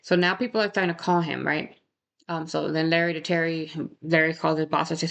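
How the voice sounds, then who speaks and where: A woman's voice: sits low, fairly even intonation, brisk, creaky, fairly bright tone. A woman narrating a true crime case in a casual, conversational way, often tagging "right?" and adding indignant asides.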